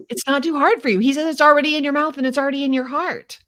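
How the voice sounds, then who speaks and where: Chatty, animated middle-aged woman host. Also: sits high, fairly quick. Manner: animated, acts out little prayers and inner dialogue; self-deprecating and chatty. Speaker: host of a Torah study show. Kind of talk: casual faith discussion.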